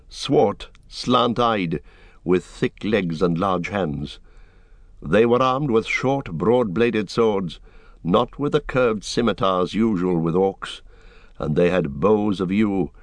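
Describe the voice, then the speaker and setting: A man narrating a fantasy audiobook in a steady, deliberate storytelling manner. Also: sits low, no room sound. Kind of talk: scripted narration.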